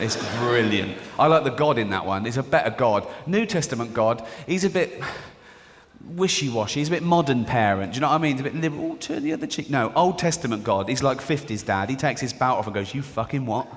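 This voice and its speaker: A middle-aged English man performing a stand-up comedy routine, chatty and conversational, checking in with the audience as he goes. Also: a little high. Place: large venue with an audience. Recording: reverberant live hall, audience noise.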